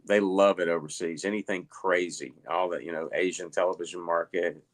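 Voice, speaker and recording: A middle-aged man with a Southern US accent, telling stories at a relaxed pace with lots of fillers as a guest in an interview. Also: low voice, a little fast. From Alabama. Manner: rambling, relaxed storytelling with many fillers. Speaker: guest, illusionist. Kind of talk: casual interview chat.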